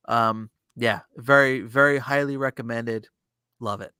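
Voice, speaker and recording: Guy in his 30s on a podcast, rambly and swears a lot, bright voice, dry close sound. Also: mid-range voice, steady tone, measured pace, clear, resonant tone, no room sound. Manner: rambling, profane, with many fillers and restarts. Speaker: podcast co-host. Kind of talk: casual round-table chat.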